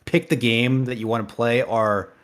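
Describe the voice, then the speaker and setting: A man's voice: medium pitch, fairly even intonation, normal speed. A young man co-hosting a podcast, chatting casually and swearing now and then. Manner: laid-back, swears casually. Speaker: podcast co-host. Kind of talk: casual chat.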